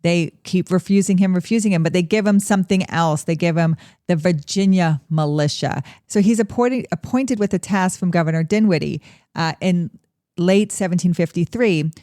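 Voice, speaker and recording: A woman's voice: on the low side, normal speed, mellow, no room sound, clean studio sound. A woman co-hosting a history podcast, explaining events in a casual, storytelling way.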